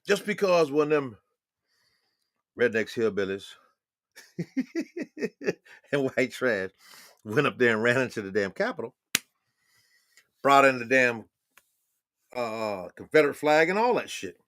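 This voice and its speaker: Animated, profane older man streaming. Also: mid-range voice, slow, long pauses, dry recording, clean studio sound. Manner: animated, profane, laughing asides. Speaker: livestream host. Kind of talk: rambling livestream monologue. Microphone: phone or webcam on a live stream.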